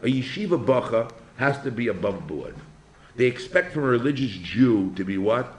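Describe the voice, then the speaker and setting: This is an older man with a medium-pitched voice and a moderate pace. As a rabbi teaching a yeshiva class, he keeps the lecture informal and throws animated rhetorical questions to his students.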